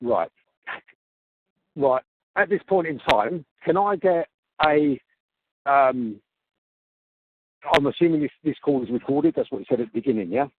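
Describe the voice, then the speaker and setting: A man's voice: medium pitch, lively intonation, slightly rough. Exasperated man on a tinny phone call. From Australia. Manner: exasperated, halting, repeats himself. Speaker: customer on a complaint call. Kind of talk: heated phone complaint.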